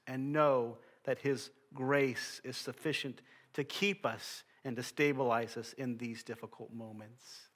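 A male pastor preaches an earnest sermon, reading scripture aloud. His voice sits at an ordinary middle pitch, and he lets many phrases fall away softly at the end.

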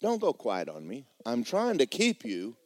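A male pastor preaching a sermon with animated, folksy, joking storytelling. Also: medium pitch, unhurried, no echo.

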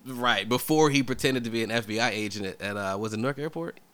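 A man co-hosting a podcast, joking around in profane, quick banter. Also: medium pitch, a bit bright. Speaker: podcast co-host. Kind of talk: casual chat.

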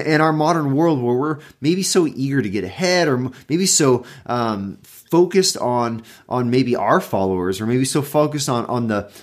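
A man who is a pastor, giving a conversational devotional Bible talk and often restarting and rephrasing his points with emphasis. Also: mid-range voice.

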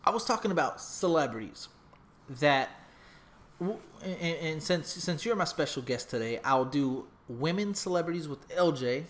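A man's voice: a little high, animated, moderate pace, fairly bright tone. A man hosting a podcast, telling a long profane story in casual chat, acting out voices and sound effects. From half Mexican. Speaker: podcast host.

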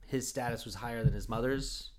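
A man's voice: mid-range voice, steady tone, a little fast. A man from Oregon telling rambling stories in casual chat, full of fillers and restarts. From Oregon, USA.

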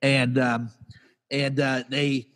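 A man's voice: medium pitch, little pitch movement, slow pace, fairly bright tone, long reverb tail. A man co-hosting a podcast, telling an exasperated comic story in a casual rant and acting out the people he quotes in raised voices. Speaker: podcast co-host.

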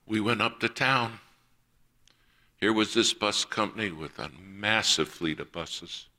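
Male preacher, low and forceful, telling a story from the pulpit and playing each voice in it. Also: measured pace. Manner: acts out quoted voices in a personal story. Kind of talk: sermon storytelling.

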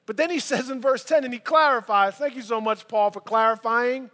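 Male pastor, high voice, lively conversational sermon with asides, church sanctuary with long reverb. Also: normal speed. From United States. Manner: animated, conversational preaching with asides.

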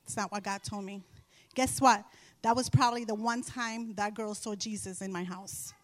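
A middle-aged woman sharing a Christian testimony with an audience, telling her story in an animated way and repeating phrases for emphasis. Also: mid-range voice, normal speed, no room sound. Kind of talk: faith testimony told to an audience.

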